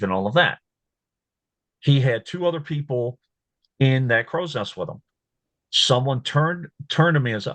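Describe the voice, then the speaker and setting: A man hosting his own show, talking casually, repeating words and growing animated when he tells what he said. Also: mid-range voice, moderate pace, dry recording. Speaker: host. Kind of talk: casual commentary.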